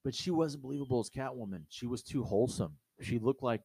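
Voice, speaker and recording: A man's voice: mid-range voice, fast talker, husky, dry recording. A man co-hosting a movie review show, talking bluntly and profanely in casual, opinionated chat. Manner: blunt, profane, animated ranting.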